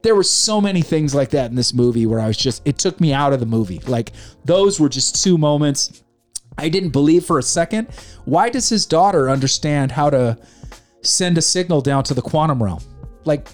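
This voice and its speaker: A man casually ranting about a film on his show, animated and mocking, with a faint music bed. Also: on the high side, normal speed. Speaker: podcast host reviewing a film. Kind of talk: casual opinionated chat.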